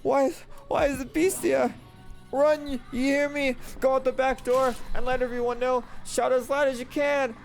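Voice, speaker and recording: A man's voice: very high-pitched, flat delivery, moderate pace, vocal fry, faint music behind, pitched above the performer's own voice. A man voicing a mother urgently ordering her son to flee. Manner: urgent, commanding.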